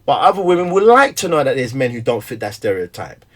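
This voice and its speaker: A middle-aged man, a stay-at-home father who also preaches, talking candidly in an animated, storytelling way with frequent laughter. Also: mid-range voice, fast talker. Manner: animated storyteller, acts out quotes, laughs often. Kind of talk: candid conversation.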